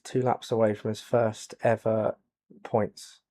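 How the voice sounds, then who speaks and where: A man giving soft-spoken ASMR commentary over a racing game, quiet and low-key, with dry jokes. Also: flat delivery, slow pace. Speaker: gaming channel host.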